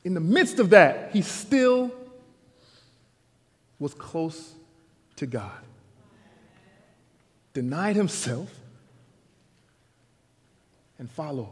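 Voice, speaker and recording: Man, pastor, casual animated sermon, high voice, church hall reverb. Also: drawn-out words, pauses often. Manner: casual, animated storytelling preacher. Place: church sanctuary.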